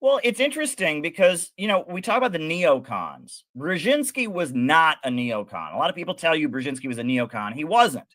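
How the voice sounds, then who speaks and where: Bright-voiced man lecturing on politics. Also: a little high, dry recording. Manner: lecturing, explains history at length. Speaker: co-host. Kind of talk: political commentary chat.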